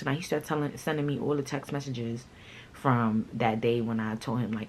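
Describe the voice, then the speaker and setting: A woman vlogger telling a personal story in a casual, blunt, animated way, swearing freely. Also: extremely low pitch, fairly quick, slight background noise, poor audio.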